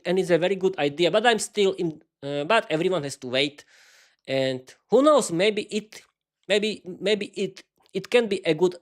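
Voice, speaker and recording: Hesitant, stuttering man hosting a live stream. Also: on the high side. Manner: hesitant, stuttering, many restarts; chatty, talks to viewers while fiddling with lighting. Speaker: podcast host. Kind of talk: casual live-stream rambling. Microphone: desk microphone.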